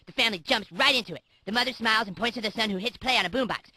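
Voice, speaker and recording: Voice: medium pitch, racing, pushed and bright, dry recording. A performer voicing a bratty, foul-mouthed cartoon boy who tells a crude joke in a gleeful, pushy way. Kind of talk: parody voice acting.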